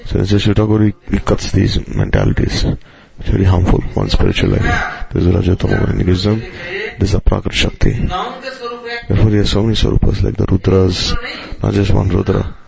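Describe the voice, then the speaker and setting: Deep gravelly male preacher. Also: sing-song, crowd noise. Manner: measured, with Sanskrit and Hindi terms woven in. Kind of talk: devotional sermon. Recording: slightly dull lo-fi recording.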